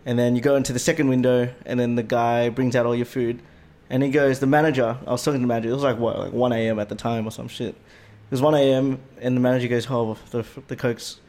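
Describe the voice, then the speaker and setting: Animated, swearing Australian man telling stories. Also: medium pitch, fast, few pauses. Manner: animated, swears a lot, voice jumps up when indignant. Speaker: podcast co-host. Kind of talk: casual storytelling chat.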